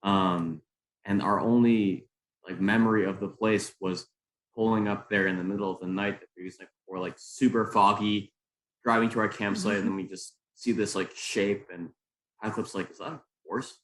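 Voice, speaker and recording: A man's voice: lowish voice, steady tone, moderate pace, low-quality recording. A man, a guest climber, chatting casually on a podcast with many fillers.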